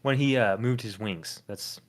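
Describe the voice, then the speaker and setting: A man's voice: on the low side, unhurried. A man co-hosting a casual comedic podcast, reading listener comments aloud and chuckling often. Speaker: podcast co-host.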